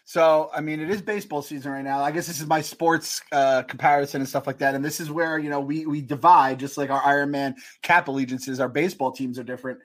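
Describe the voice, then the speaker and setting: A man co-hosting a podcast, talking casually in a rambling way full of likes and fillers. His voice sits somewhat high for a man. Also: steady tone, quick pace, few pauses. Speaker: podcast co-host.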